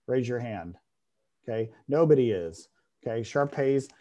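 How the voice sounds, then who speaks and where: Middle-aged male lecturer, mid-pitched voice, explains patiently, asks "okay?" often, restarts sentences now and then. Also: lively intonation, unhurried, warm tone. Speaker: veterinary radiology lecturer. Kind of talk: classroom lecture.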